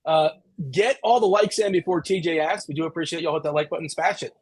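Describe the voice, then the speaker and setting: A man's voice: on the high side, fast talker, husky, no room sound. A man hosting a sports stream, joking and bantering as he hands the show off. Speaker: show host. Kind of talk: casual stream chat.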